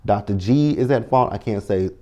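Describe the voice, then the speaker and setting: A man's voice: fairly low pitch, normal speed, warm tone. A man recapping a reality TV show in a sassy, blunt, profane way, quoting his own reactions as he goes. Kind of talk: casual recap commentary.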